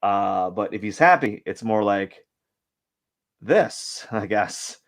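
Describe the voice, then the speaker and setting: A man with a low, gravelly voice talks casually to his live-stream viewers while he draws. He thinks out loud in a rambling, hesitant way and often second-guesses himself. He is quick to call his own work rough. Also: expressive. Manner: rambling, hesitant, self-questioning; self-deprecating about his work. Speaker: artist hosting a drawing live stream. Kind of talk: casual thinking-aloud commentary while sketching.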